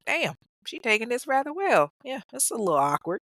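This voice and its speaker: An awkward male deputy hesitates and sounds puzzled, as a woman storyteller puts him on. His lines bounce in pitch. The sound is dry and close. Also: very animated, fairly quick, fairly bright tone, no echo.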